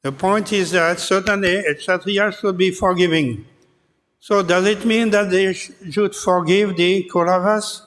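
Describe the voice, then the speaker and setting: A man giving a scripture class, speaking haltingly with many pauses and filler sounds. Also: high voice, fairly even intonation, fairly bright tone. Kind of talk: scripture lecture retelling an epic. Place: temple hall. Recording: long hall reverb.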